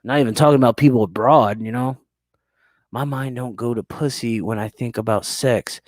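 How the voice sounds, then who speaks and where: A man's voice: medium pitch, moderate pace, darkish tone, dry recording, clean studio sound. A young man, hosting a crude, teasing podcast chat and laughing often. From United States. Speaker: podcast host. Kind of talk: casual chat reading live chat.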